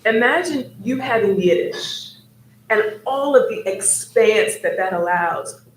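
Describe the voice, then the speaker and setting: A woman's voice: fairly high pitch, expressive, slow. A woman speaking as an academic on a discussion panel, thoughtful and searching, with frequent ums as she works through her ideas. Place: event hall. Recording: roomy hall with faint noise.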